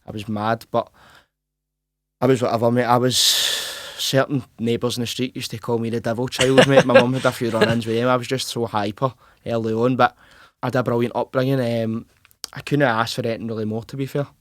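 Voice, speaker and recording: A young Glaswegian man in his twenties talks in a quick, tumbling rush. He stays on a narrow, even pitch, restarts his sentences and keeps saying "mate". The recording is close and dry. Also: dry recording. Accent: Glaswegian Scottish. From Scotland. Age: 20s. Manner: rapid and earnest, full of restarts and "mate". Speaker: professional boxer, guest. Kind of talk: casual interview chat.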